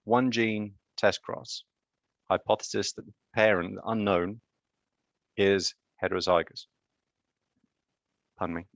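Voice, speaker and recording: A man's voice: on the low side, fairly even intonation, measured pace, gravelly, long pauses, no echo, highs cut off. A man lecturing on genetics in a live online class, chatty and quizzing students with joking asides.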